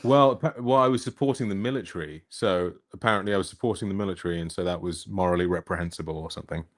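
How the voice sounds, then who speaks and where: Man, deep low voice, easygoing podcast co-host. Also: rapid-fire. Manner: easygoing, agreeable, explanatory. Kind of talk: casual conversation.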